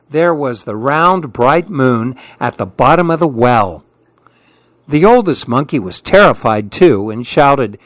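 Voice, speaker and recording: A man reading children's stories aloud in a slow, gentle, expressive way. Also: medium pitch, no room sound. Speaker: storyteller. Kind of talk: children's story read-aloud.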